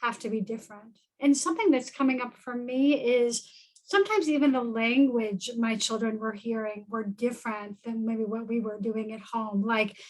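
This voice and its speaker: A woman's voice: fairly high pitch, moderate pace, darkish tone, poor audio. A woman on a parenting webinar, speaking thoughtfully with frequent fillers. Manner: thoughtful, many fillers like um and right. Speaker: parenting educator on a webinar panel. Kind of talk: conversational webinar talk.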